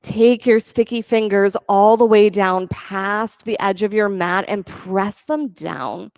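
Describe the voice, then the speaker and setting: Slow, smooth-voiced woman yoga teacher. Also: medium pitch, no echo. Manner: calm, encouraging step-by-step cueing of breath and poses. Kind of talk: guided yoga class instruction.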